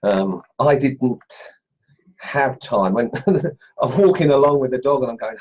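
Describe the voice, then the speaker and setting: A middle-aged Australian man hosting a casual woodcarving livestream from his home workshop, chatty and excitable, laughing as he tests knives and greets viewers. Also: mid-range voice, measured pace, slightly rough, dull audio. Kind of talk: casual live-stream chat, unboxing and testing knives.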